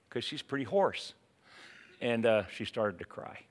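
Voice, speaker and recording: A man's voice: medium pitch, expressive, a little slow. Man preaching a conversational sermon. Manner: conversational, anecdotal with many restarts.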